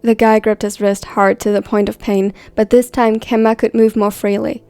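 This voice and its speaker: A woman reading a story aloud in a steady, even scripted narration. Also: mid-range voice, moderate pace, clean tone, no room sound. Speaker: fan fiction reader.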